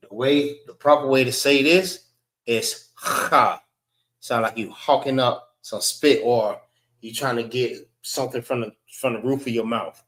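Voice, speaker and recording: A man, teaching a class letter by letter in a slow, patient way, repeating each sound and saying "all right" between letters. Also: mid-range voice, steady tone, echoey room.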